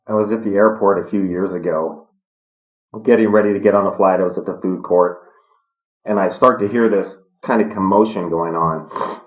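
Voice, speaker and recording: A middle-aged man telling stories in a podcast interview, calm and reflective. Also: sits low, moderate pace. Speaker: guest, retired fighter. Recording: echoey room.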